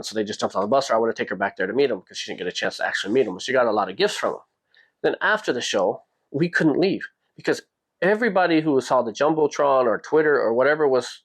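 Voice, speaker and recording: A man hosting a podcast, telling a personal story in a casual, animated way and jumping his pitch up when he quotes people. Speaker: podcast host.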